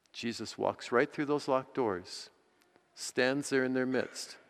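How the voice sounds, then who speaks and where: A man with a low-pitched voice preaches a sermon as a priest, earnest and measured. He slows down to stress each key phrase. His voice rings with the long reverb of a church hall.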